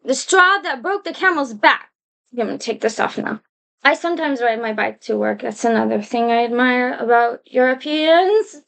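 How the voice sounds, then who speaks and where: A woman with a high, light voice chatting to camera in a loose storytelling monologue. She rambles, restarts her sentences and wanders into asides as she goes. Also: a bit bright, poor audio. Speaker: vlogger.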